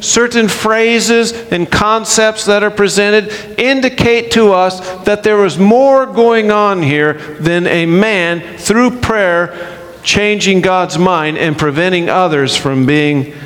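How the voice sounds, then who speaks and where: A man's voice: sits high, fairly bright tone, big-room sound. A man preaching a sermon with an emphatic delivery, acting out the quotes he reads.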